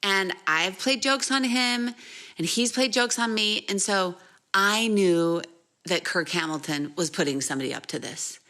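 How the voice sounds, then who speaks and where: A woman in her thirties or forties tells a personal story with lively energy, quick asides and acted-out quotes. Her pitch sits in the middle range, and she speaks as a mentor to her team. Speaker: essential oil seller, mentor.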